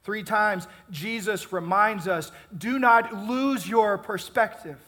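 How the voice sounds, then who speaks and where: A pastor delivering a sermon, measured and emphatic, building intensity and then easing off. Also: male voice, high voice, bright, forceful tone. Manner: measured, emphatic preaching with rising and falling intensity.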